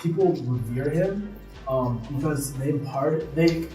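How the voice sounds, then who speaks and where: A man's voice: fairly high pitch, animated, a little slow, warm tone, faint music behind. Earnest young man in a roomy hall. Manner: earnest, hesitant with fillers. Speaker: seminar attendee. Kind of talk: answering a question in class.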